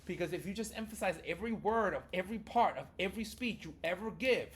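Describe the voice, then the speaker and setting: A man's voice: high voice, expressive, fast talker. A man talking casually and with many fillers as he teaches public speaking in a video lesson. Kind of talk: teaching video on vocal delivery.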